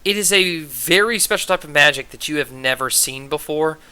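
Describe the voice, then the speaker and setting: Bright-voiced male game master. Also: fairly high pitch, moderate pace, smooth. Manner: loose, filler-heavy scene description. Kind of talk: narrating a tabletop game.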